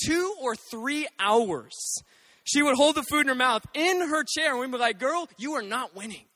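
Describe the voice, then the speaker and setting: A man in his thirties preaching a sermon, telling funny family stories in an animated way that swings from loud to hushed. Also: very high-pitched, no echo. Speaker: pastor.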